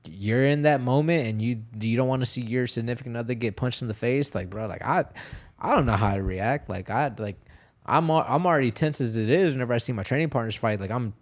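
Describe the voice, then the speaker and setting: A young man telling fight stories as a podcast guest, casual, profane and animated, acting out the quotes. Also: medium pitch, brisk. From Texas, USA. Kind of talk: casual storytelling interview.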